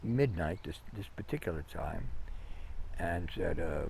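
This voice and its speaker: A man's voice: sits low, expressive, measured pace, creaky, a little mellow, a little hiss or hum. A man telling long anecdotes in a conversational interview, rambling with fillers and restarts. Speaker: interview guest. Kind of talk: conversational storytelling.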